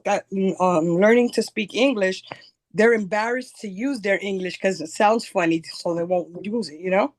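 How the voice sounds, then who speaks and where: Halting podcast guest with a Bronx accent. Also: mid-range voice. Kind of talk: casual chat.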